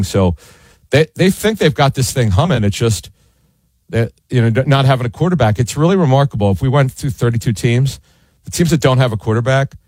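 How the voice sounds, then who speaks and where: A man's voice: mid-range voice, darkish tone, no echo. A man giving blunt, emphatic opinions as a football insider on a sports show. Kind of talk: casual sports analysis.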